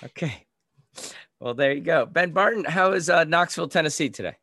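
A man's voice: on the high side, lively intonation, a little fast, sharp tone, dry recording, studio quality. A man hosting a podcast, welcoming his co-hosts in casual, upbeat chat. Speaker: podcast host.

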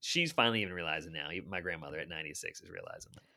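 Man, fifties, author guest; low, bright, gravelly voice; animated anecdotal storyteller. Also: very fast. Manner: animated storyteller, chatty asides.

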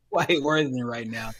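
A man's voice: mid-range voice, slightly rough. A man co-hosting a podcast in casual chat, talking with many restarts and laughs. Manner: halting, lots of restarts and laughs. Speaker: podcast co-host.

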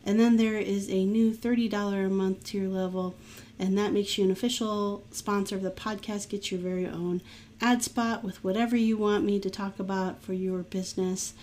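Woman podcast host doing her outro, chatty and upbeat, reads off links fast. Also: medium pitch, flat delivery, darkish tone, slight background noise. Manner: upbeat, laughs often, brisk sign-off plugs. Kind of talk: casual podcast chat and outro.

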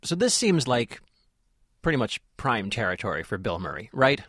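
A man co-hosting a movie review podcast, talking casually with some halting restarts. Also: mid-range voice, big pitch swings, fairly bright tone, dry recording, clean studio sound. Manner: conversational, a little halting. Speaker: podcast co-host, film critic.

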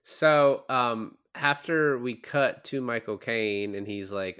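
A man's voice: mid-range voice, fairly even intonation, takes it slowly, fairly bright tone, smooth. Rambling man in casual podcast chat. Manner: rambling, heavy on "like" fillers.

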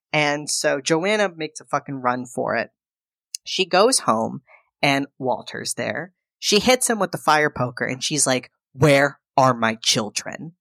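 A woman with a notably low voice chats through a movie plot for a podcast. She jumps into the characters' lines as she goes, and the sound is close and dry with no room echo. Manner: animated retelling, acting out characters' lines. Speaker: podcast co-host. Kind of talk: casual film recap.

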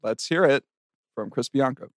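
A man's voice: medium pitch, no room sound, clean studio sound. A man running a pronunciation quiz segment, announcing words and spelling them out. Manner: brisk, announcing, reads spellings slowly. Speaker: quizmaster producer.

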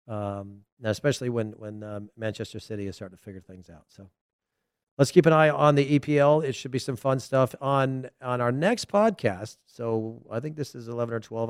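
A man's voice: medium pitch, darkish tone, clear, resonant tone, no echo. Rambling, dry-voiced middle-aged male podcaster. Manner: rambling storytelling with restarts. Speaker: podcast host. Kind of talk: casual solo podcast talk.

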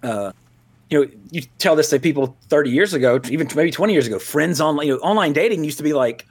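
A man's voice: a little high, expressive, fast talker, husky. A man co-hosting a podcast, chatting casually and going off on tangents, laughing often and restarting his sentences. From Louisiana, US. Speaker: podcast co-host. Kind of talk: casual rambling podcast chat.

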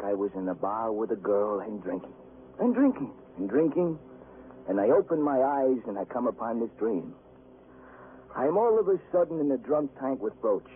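A man's voice: mid-range voice, close to an everyday voice. An actor playing a paranoid, hungover male carnival roustabout jailed as a suspect, wheedling and then screaming in panic, in a 1950s radio drama. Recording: tinny old radio broadcast with hiss.

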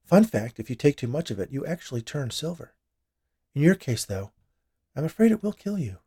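A man voicing a calm, eerie female nurse who speaks matter-of-factly. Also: a little high, a little fast, breathy edge, voice pushed up.

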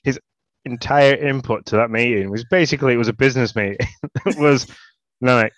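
A man's voice: mid-range voice, a little fast, dry recording. A man co-hosting a podcast, reacting in a laughing, easygoing way. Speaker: podcast co-host. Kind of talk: casual podcast chat. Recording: dry, dull lo-fi mic.

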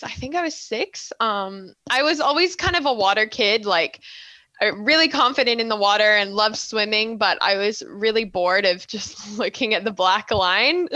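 Bright-voiced young Canadian woman. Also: on the high side, unhurried, no echo. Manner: chatty, laughs often, fillers. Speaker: guest, synchronized swimmer. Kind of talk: interview answers.

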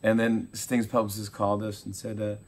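A man in his forties, a talk show host being interviewed, telling animated stories and acting out quotes. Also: on the low side, brisk. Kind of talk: casual interview chat.

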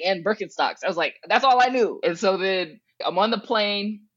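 Guest: lively woman from Southern California, casual storyteller, acts out her past thoughts with big pitch jumps, dull dry recording. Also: a little fast, hardly any pauses, slightly rough, no room sound. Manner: swears casually and laughs between thoughts. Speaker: guest, educational consultant.

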